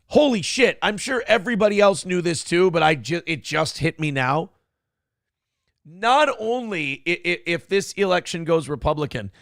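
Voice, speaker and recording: A man hosts a reaction show, his gravelly voice swinging lively up and down as he mocks what he hears. He is sarcastic and swears freely. The sound is dry and close. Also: fairly high pitch, no echo. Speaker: show host. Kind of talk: profane reaction commentary.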